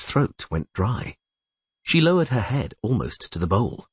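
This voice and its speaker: Male storyteller, animated reads, raspy texture. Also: on the low side, unhurried, no room sound. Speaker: audiobook narrator. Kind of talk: scripted narration.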